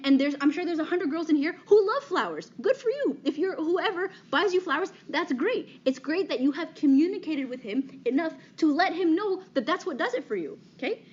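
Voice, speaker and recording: A woman's voice: high voice, a little mellow. A woman in her thirties giving a talk to an audience, direct and conversational, checking in with "okay?" after nearly every point. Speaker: speaker giving a talk on dating. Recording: slightly dull, faint background noise.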